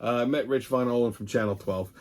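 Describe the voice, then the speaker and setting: A man's voice: medium pitch, fairly quick. A man hosting a show in a casual, rambling monologue, with blunt and profane storytelling. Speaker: host.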